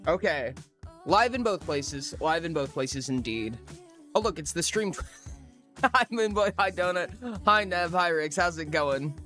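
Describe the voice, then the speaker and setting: Streamer for a casual chat stream: bouncy, animated pitch, rambling and self-mocking, faint music underneath. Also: measured pace. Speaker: live streamer.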